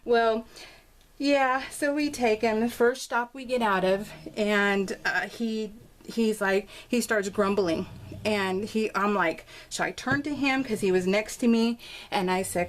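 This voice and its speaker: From a home craft room with dogs around, a middle-aged scrapbooking vlogger casually recounts a family story as she crafts on video. She's chatty and laughing, often restarting and acting out quotes, in an unhurried mid-range voice; there's a little hiss or hum.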